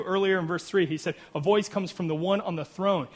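An earnest man preaching a sermon in a fairly high-pitched voice. He reads scripture with rising emphasis and breaks it up with casual asides and jokes at his own expense. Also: a little fast, hardly any pauses. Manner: earnest, with frequent "right?" asides and self-deprecating humor. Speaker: pastor.

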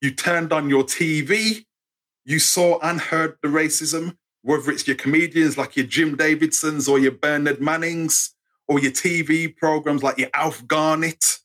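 An English man in his fifties with an English accent, telling stories in an interview in an animated way and acting out the voices he quotes. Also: fairly high pitch, unhurried. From England. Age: 50s. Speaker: guest storyteller. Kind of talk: interview storytelling.

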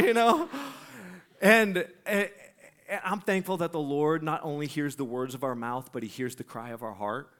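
A man's voice: high voice, normal speed. A man preaching, telling a story with lots of laughter and acted-out voices. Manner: animated, laughing, acts out voices. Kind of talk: sermon storytelling.

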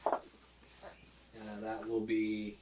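A man narrates a tabletop fantasy fight as game master, pausing and restarting as he describes the action. He sits back from the microphone, and a steady noise runs underneath. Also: fairly low pitch. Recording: distant mic with clear background noise.

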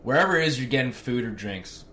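A man's voice: mid-range voice, animated, quick pace, bright, forceful tone, a little hiss or hum. A young man co-hosting a podcast, bantering in a crude, joking casual chat. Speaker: podcast co-host.

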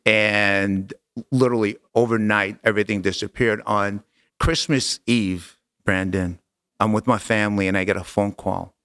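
Guy with a low gravelly voice, earnest, repeats stuff for emphasis, dry close mic. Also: steady tone, normal speed, fairly bright tone, dry recording. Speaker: podcast guest. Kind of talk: storytelling in conversation.

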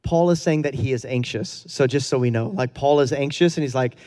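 A man's voice: medium pitch, fairly quick, dark tone, in a large hall. A man preaching a conversational sermon in a casual, earnest way, with fillers and chuckles. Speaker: pastor.

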